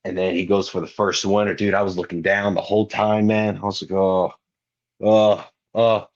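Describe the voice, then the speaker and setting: On a podcast, a young wrestler swaps casual stories, slangy and lively, voicing the people in them. His lowish voice keeps a normal speed, and the sound is lo-fi.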